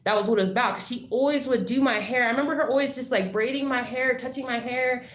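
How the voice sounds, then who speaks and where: A woman's voice: on the high side, fast talker. A woman vlogger telling a personal story in casual, rambling talk, full of "like" and blunt swearing. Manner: rambling, filler-heavy with frequent "like". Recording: roomy echo.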